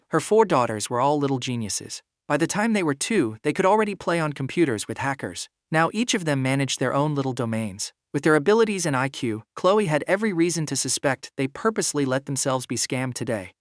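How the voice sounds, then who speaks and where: Man, story recap narrator, steady, mid-pitched, dry close sound. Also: a little fast, few pauses, no room sound.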